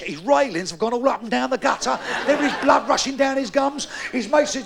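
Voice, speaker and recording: A middle-aged man telling stand-up jokes on a live stage, rowdy and shouting out sound-effect punchlines. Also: very high-pitched, fast talker, creaky, hardly any pauses. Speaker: stand-up comedian. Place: live stage before an audience.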